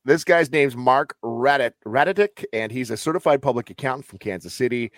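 A man's voice: mid-range voice, brisk, dry recording. A man co-hosting a casual chat show, joking and acting out quoted bits. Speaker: podcast co-host.

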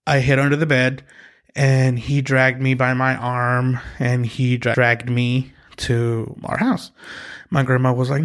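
A man from Mexico hosts a podcast, recounting his own story in a halting, reflective manner. His voice has a gravelly, creaky texture and sits at a middle pitch for a man. He pauses, restarts and reaches for words as he goes. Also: steady tone. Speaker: podcast host. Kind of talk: personal storytelling monologue.

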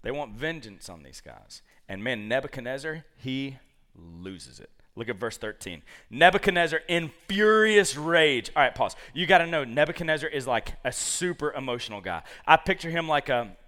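A man preaching a lively sermon, acting out the characters of a Bible story. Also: mid-range voice, normal speed. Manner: animated, acts out quoted characters.

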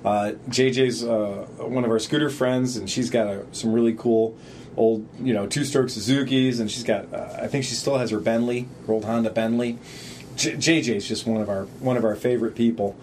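A man in a relaxed podcast chat, talking at a middling pitch with a sarcastic, profane streak. He rambles from story to story. A faint hiss hangs behind his voice. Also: normal speed. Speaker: podcast co-host. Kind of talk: casual chat.

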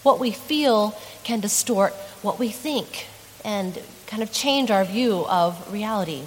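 A woman's voice: medium pitch, animated, slow pace, long reverb tail, a little hiss or hum, rough recording. A woman pastor delivering a sermon in an earnest, conversational way, adding dramatic emphasis.

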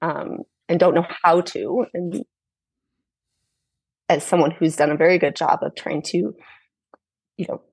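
Husky millennial woman guest, dry sound. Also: fairly low pitch, steady tone, measured pace, long pauses, a little mellow, dry recording. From Los Angeles. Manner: thoughtful, frank, laughs often. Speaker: yoga teacher and podcast guest. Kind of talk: reflective conversational interview.

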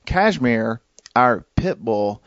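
A man's voice: medium pitch, slow, no echo, muffled recording. Rambling man telling a story. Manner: rambling, animated storyteller with restarts. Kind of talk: casual storytelling chat.

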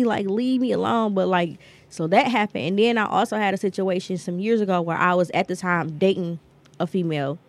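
Woman on a podcast, cussing a lot, telling a story and doing everyone's voices, mid-pitched. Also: brisk, dry recording. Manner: blunt, profane storytelling with lively quoted voices. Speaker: podcast co-host. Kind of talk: casual storytelling chat.

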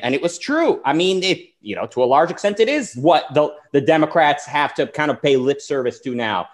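A man's voice: on the high side, lively intonation, moderate pace, few pauses. A man hosting a talk show, delivering an argumentative political monologue and acting out the people he quotes. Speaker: show host.

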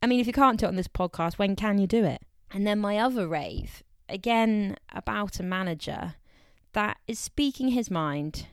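A woman's voice: medium pitch, lively intonation, moderate pace, clean tone, dry recording, clean studio sound. A young woman, co-hosting a podcast in a chatty, playful way and laughing between remarks. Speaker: podcast co-host. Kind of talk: casual podcast chat about football.

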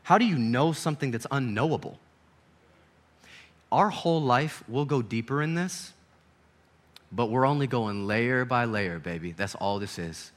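A young man preaching an animated sermon, swinging from hushed to loud and laughing often. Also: medium pitch, a little slow, long pauses.

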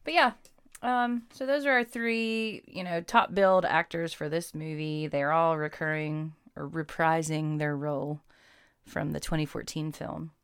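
A woman's voice: sits low, fairly even intonation, unhurried, clear, resonant tone, no echo, clean studio sound. A woman co-hosting a podcast, chatting casually about a movie and rattling off an actor's credits. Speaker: podcast co-host.

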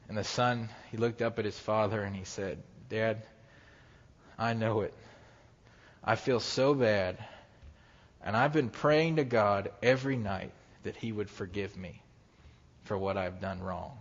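A man's voice: on the low side, a little slow, long pauses. Preacher man in a reverberant hall. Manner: animated storyteller who acts out quoted voices. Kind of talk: sermon storytelling. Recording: dull sound with long hall reverb.

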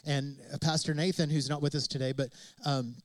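High-voiced emphatic male pastor preaching. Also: level tone, a little fast, no room sound, low-quality recording. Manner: emphatic, repetitive preaching with rhetorical questions. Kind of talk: sermon.

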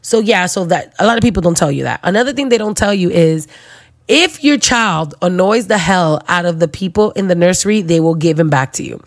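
Young woman, low-pitched, dry close sound, animated storyteller who voices everyone in the tale. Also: brisk, no echo. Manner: animated, acts out other people's voices, slangy. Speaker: new mother. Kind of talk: casual storytelling.

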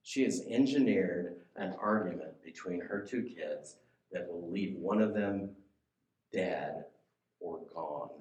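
A man's voice: low voice, slow pace, a little mellow, echoey room. A man preaching a sermon in a conversational way, often asking his listeners questions.

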